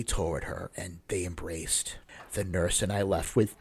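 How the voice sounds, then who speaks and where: Brief: male podcast host reading a story, deep husky voice, measured. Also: fairly even intonation, darkish tone.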